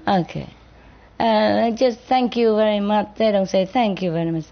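Slow, playful woman before a crowd. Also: mid-range voice, gravelly. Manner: playful, laughs often, mimics accents. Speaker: spiritual teacher answering an audience. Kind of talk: informal gathering talk with audience. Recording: muffled recording with audience and noise.

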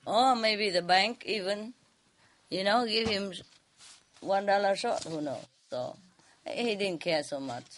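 Woman spinning a folk tale, slow and unhurried, chuckling through it. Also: mid-range voice, slight background noise. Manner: chuckles often, loose conversational grammar. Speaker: storyteller. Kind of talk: telling a folk tale to a listening group.

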